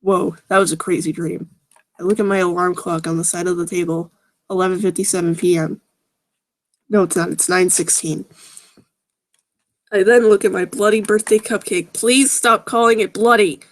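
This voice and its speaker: A woman's voice: fairly low pitch, fairly even intonation, normal speed. A woman reading fan fiction aloud with sarcastic, groaning asides. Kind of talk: mocking dramatic reading with commentary.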